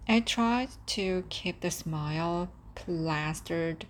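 A woman reading a first-person story aloud with calm, steady storytelling. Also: fairly low pitch, extremely slow, slight background noise. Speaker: audiobook narrator. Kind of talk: first-person audiobook narration.

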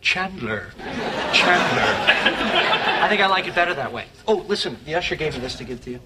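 A man's voice: on the high side, lively intonation, very fast, a loud crowd, very noisy, natural voice. An actor playing a nervous, sarcastic young man who mocks himself. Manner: sarcastic, nervous, self-deprecating. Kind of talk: sitcom acting.

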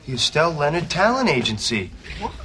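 Naive, eager young actor, high and animated. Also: male voice, brisk, a little hiss or hum.

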